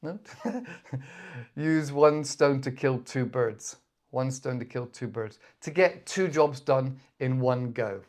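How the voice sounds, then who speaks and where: Man, British accent, casual vocabulary lesson, chatty, mid pitch, lively acted-out examples. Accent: British English. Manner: chatty, acts out quick example voices with bursts of excitement. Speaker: English teacher.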